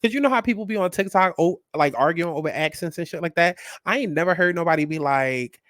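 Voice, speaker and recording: A man hosting a casual commentary vlog, talking in a sassy, animated and blunt way and swearing freely. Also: a little high, quick pace, few pauses, no echo, clean studio sound. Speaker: host.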